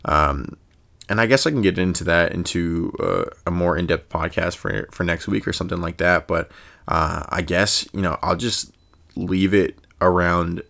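A man's voice: low-pitched, creaky, fairly bright tone. A young man hosting a casual solo podcast, thinking aloud in a rambling way with fillers and restarts. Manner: chuckles often and slips into quick impressions. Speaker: podcast host.

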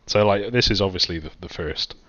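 A man's voice: deep voice, brisk, fairly bright tone, dull audio. A man hosting a podcast in casual chat, rambling with many fillers and restarts. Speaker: podcast host.

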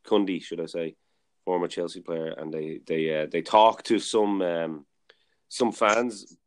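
A man's voice: deep voice, a little mellow. A man hosting a podcast, telling a story in a casual, rambling way with lots of fillers. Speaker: podcast host. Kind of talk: casual chat.

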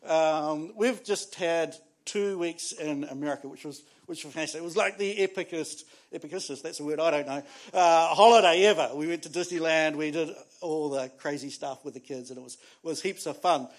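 A man, preaching a sermon and telling stories in an animated way, often laughing and restarting his words. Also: a little high, normal speed, few pauses. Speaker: pastor.

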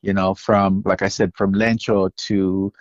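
A man, a musician guest, telling lively anecdotes in casual interview talk, full of "like" and "you know". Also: sits low, a little slow, no echo, highs cut off. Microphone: phone line.

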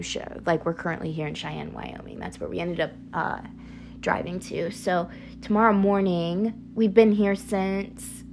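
A woman's voice: lowish voice, gravelly. A young woman hosting a casual solo podcast, chatty and rambling, laughing often, with a slight picked-up Southern twang. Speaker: podcast host.

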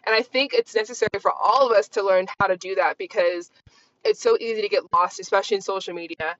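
A woman's voice: medium pitch, brisk, no room sound. A candid young woman in her twenties rambles through a casual solo podcast, leaning on "like" as she thinks aloud. Her voice is recorded close and dry, with a slightly dull, lo-fi tone. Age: 20s. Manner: rambling, candid, heavy use of "like". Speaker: podcast host.

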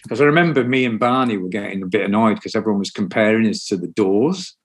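This male musician talks fast in a lowish voice, rambling through stories as a guest in a casual interview. Profanity comes frequently, and he mimics other people's voices along the way.

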